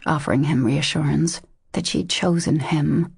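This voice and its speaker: Low, gravelly woman narrating an audiobook. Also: fairly even intonation, a little slow, a little mellow, no echo, clean studio sound. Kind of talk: scripted narration.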